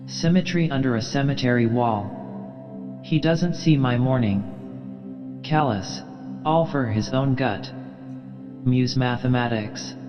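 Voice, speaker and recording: A man narrating an audiobook in a slow, measured reading. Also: medium pitch, highs cut off. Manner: measured, unhurried reading with long pauses. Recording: long reverb with faint music.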